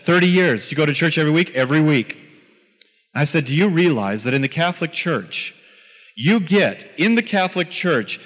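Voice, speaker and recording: A man's voice: sits high, a bit bright. A man preaching a sermon, telling a story with quoted dialogue and emphatic rises. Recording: dull lo-fi sound in a long-reverb hall.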